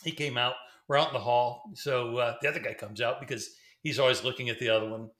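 This middle-aged former pastor talks fast at a medium pitch, his tone fairly bright and his intonation fairly even. He tells a story casually, rambling with fillers and restarts and laughs between sentences, with roomy echo on the recording.

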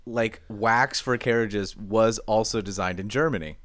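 A man's voice: on the low side, measured pace, fairly bright tone, no echo, studio quality. A young man in casual chat as podcast cohost, explaining with lots of fillers and restarts. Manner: rambling explainer, many fillers.

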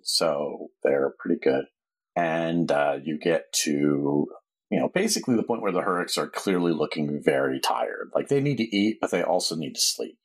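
A male game master running a tabletop game in an easygoing, casual way, laughing along with his players. His voice is very low and husky, with a soft, slightly breathy edge. He describes scenes and calls for rolls. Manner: easygoing, laughs often, casual narration with fillers.

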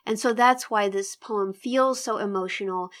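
A woman teaching a poetry lesson in an enthusiastic, engaged way, reading lines aloud with emphatic pauses. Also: medium pitch. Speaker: literature teacher. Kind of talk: literary discussion lesson.

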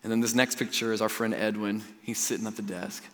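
Animated male pastor in a reverberant hall. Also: fairly low pitch, fast talker. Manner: animated and conversational, swinging from loud to hushed. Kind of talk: sermon. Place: church auditorium. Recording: long reverb of a large hall.

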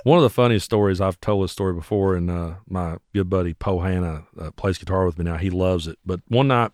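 A man tells gig stories at a quick clip in a fairly low voice. He is animated and acts out the people in his stories. The recording is dry and close. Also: dry recording. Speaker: musician guest. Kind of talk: casual storytelling.

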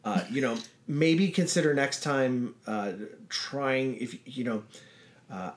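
A man co-hosting a casual chat about running tabletop games, talking in a relaxed, rambling way with many fillers and restarts. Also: medium pitch, takes it slowly. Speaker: podcast co-host.

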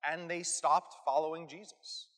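A man's voice: a little high, fairly even intonation, a little slow, a bit bright. A man giving an earnest, emphatic teaching on scripture as a Catholic preacher, often checking in with his listeners. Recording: echoey hall with long reverb.

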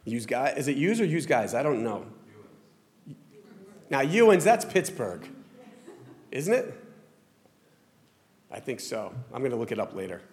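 In a mid-range, darkish, sing-song voice, a Southern American male pastor preaches unhurriedly, leaving long pauses. The church sanctuary sermon is conversational and self-deprecating with frequent restarts, heard through long hall reverb.

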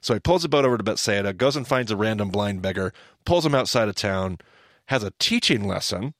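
A man's voice: fairly low pitch, brisk, dry recording, studio quality. A man hosting a podcast, teaching in casual chat and acting out the lines he quotes. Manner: animated storyteller, acts out quoted lines.

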